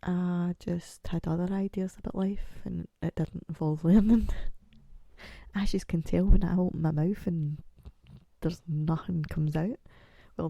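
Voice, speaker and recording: A woman in her forties hosting a casual solo podcast. She rambles and pokes fun at herself, and she sounds croaky from a chest infection. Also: on the low side, warm tone, no room sound. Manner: rambling, chatty and self-mocking. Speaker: podcast host.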